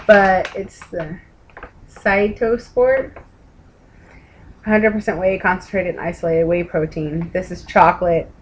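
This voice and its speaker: A woman's voice: on the low side, fairly even intonation, a little slow, pauses often, low-quality recording. Tired, chatty Texan woman vlogging. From Texas. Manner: chatty, rambling, casual swearing. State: tired, yawning. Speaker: weight-loss vlogger. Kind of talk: casual rambling chat to camera. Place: home room with an open window. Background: outside noise through the window.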